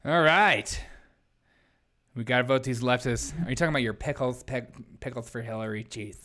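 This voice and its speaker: A man's voice: mid-range voice, moderate pace, pushed and bright. Joking male live-stream commentator. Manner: joking, sarcastic, laughs often.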